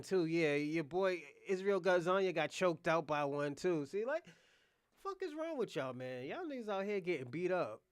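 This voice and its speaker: A man's voice: high-pitched, clear, resonant tone, no room sound, studio quality. A man hosting a reaction video, talking in a blunt, heated casual rant full of swearing.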